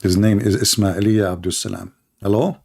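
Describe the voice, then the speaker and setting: A Middle Eastern man whose first language is Arabic hosts a live call-in debate show, blunt and mocking, repeating himself often. His lowish voice is steady, creaky and a little mellow, at a moderate pace.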